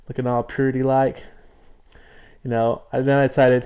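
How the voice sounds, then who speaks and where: A man's voice: medium pitch, flat delivery, moderate pace, pauses often, darkish tone, smooth. A man casually narrating his game footage in a rambling way, full of fillers and chuckles. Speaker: gameplay narrator. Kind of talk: casual let's-play commentary.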